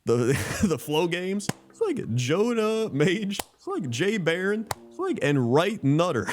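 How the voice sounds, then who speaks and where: A man's voice: high voice, big pitch swings, slow, noisy background. A man streaming live in casual chat, reading out usernames and laughing often.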